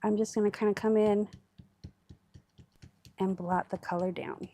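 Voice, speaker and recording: A woman's voice: medium pitch, fairly even intonation, unhurried, warm tone, a little hiss or hum. A woman hosting a crafting livestream, chatting casually and thinking aloud with fillers as she works.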